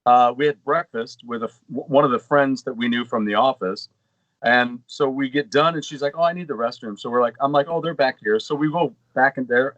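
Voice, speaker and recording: A man's voice: mid-range voice, no echo, low-quality recording. A middle-aged man co-hosting a gaming podcast, telling long rambling anecdotes in casual chat. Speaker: podcast co-host.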